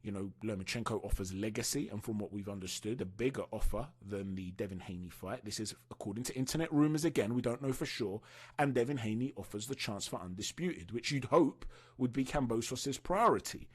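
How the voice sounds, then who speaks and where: Male host, husky tone, chatty and opinionated in casual fight-news commentary. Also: on the low side, lively intonation, fairly quick. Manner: chatty, opinionated, asks viewers for their views. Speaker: boxing channel host.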